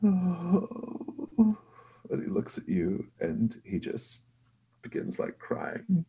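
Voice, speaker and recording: A man narrating as game master of a tabletop role-play in a relaxed, halting way. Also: low voice, vocal fry, husky.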